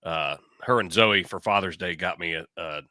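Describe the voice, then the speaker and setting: Deep bright-voiced laughing co-host man. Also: no echo, clean studio sound. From United States. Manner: laughing, agreeable, halting. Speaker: podcast co-host. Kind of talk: casual chat.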